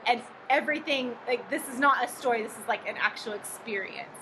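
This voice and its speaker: A woman's voice: on the high side, fairly quick, noisy background. A woman guest on a casual podcast, telling a personal story with enthusiasm.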